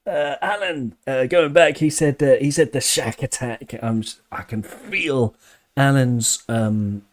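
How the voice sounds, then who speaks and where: With a mid-range voice and a slow pace, a man hosts a live stream for fans, casually chatting in a relaxed, reflective way. He frequently restarts and chuckles as he goes through viewer comments.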